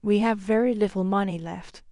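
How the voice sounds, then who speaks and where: A woman's voice: mid-range voice, fairly even intonation, moderate pace, warm tone, dry recording, studio quality, natural voice. A woman voicing a frightened young woman who pleads anxiously for help in an audiobook story. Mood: worried.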